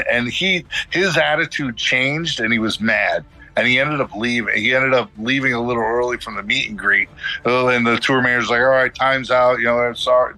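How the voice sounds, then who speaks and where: A middle-aged man, a podcast guest, tells a long story casually and with animation, acting out the quoted dialogue of the people involved. His voice sits at medium pitch on a low-quality recording.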